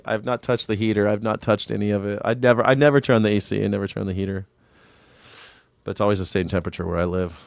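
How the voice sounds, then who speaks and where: Profane, rambling man commentator, crisp and dry. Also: on the low side, dry recording. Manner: rambling, profane, jokey, talks back to viewers by name. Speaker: independent news and culture commentator. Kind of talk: casual livestream commentary, reading chat. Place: home in Southern California.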